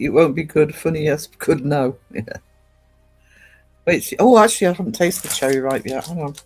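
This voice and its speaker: On a casual livestream, a woman from northeast England reads viewer comments and rambles, full of ums and restarts. Her voice is low with a darkish tone.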